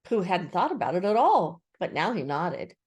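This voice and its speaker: A woman's voice: lowish voice, sing-song, normal speed, darkish tone, husky. An older woman expressively reading a children's book aloud as a storyteller.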